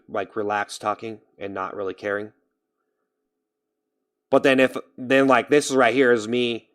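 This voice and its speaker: A young man chatting casually on his live stream, rambling as he thinks out loud. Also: lowish voice, clean tone. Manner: rambling, thinks aloud about his own speaking voice. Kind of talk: casual livestream chat.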